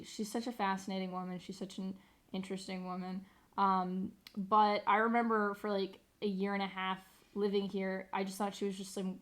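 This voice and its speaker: A woman's voice: mid-range voice, a bit bright. A young woman streamer chatting casually, rambling, sarcastic and swearing freely. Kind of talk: casual live-stream chat.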